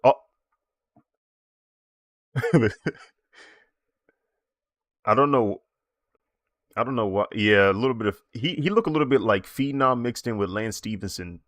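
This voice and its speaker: Casting note: laid-back male streamer who rambles and laughs often; deep voice, dry, close sound. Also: measured pace, long pauses, fairly bright tone, no room sound. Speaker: streaming digital artist. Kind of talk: casual chat while drawing on stream.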